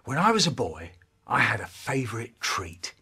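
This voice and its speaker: A man telling stories in an animated, theatrical way, cut together for comic effect. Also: medium pitch, normal speed, breathy edge. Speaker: storyteller. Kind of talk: spliced comic storytelling for children.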